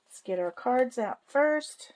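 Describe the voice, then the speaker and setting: A woman narrating a casual cash-stuffing vlog in an unhurried, drawn-out way. She sounds folksy and homey, counting bills aloud half to herself, with a faint hiss of noise behind her voice. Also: a little high, lively intonation, darkish tone, low-quality recording. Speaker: savings channel host.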